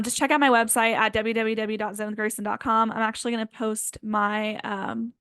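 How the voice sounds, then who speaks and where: Gentle rambling woman healer, slightly high. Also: clean tone, no echo, clean studio sound. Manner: gentle, rambling, many fillers. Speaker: energy healer. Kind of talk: casual spiritual guidance talk.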